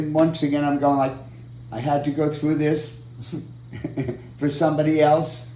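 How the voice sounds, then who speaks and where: A man telling a long personal story in an oral history interview, acting out the quotes with lively energy. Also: on the high side, unhurried, long pauses, reverberant, a little hiss or hum, low-quality recording. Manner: animated storyteller, acts out quotes. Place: room in San Diego.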